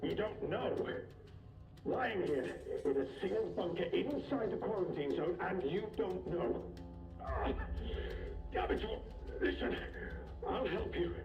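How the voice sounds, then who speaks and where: A man's voice: high voice, lively intonation, slow pace. An actor playing a badly wounded man, weak from blood loss and pleading urgently between gasps. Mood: pained, pleading. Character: badly wounded man trapped in a bunker, desperate. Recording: roomy, distant, dull game audio with music.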